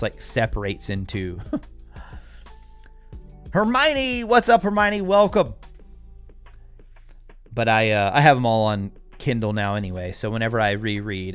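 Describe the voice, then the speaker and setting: Chatty American man on a live stream. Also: lowish voice. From United States. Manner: chatty, answering viewers' comments with frequent chuckles. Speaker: livestream host. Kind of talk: casual live-chat talk.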